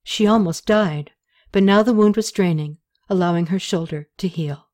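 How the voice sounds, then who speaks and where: Woman narrating an audiobook. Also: lowish voice. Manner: steady, measured storytelling. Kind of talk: scripted narration.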